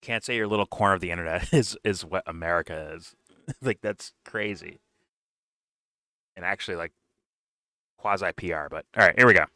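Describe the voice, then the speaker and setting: A man hosting a casual reaction stream, pausing a clip to comment in a rambling, profane way. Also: low-pitched, sharp tone, no echo, clean studio sound.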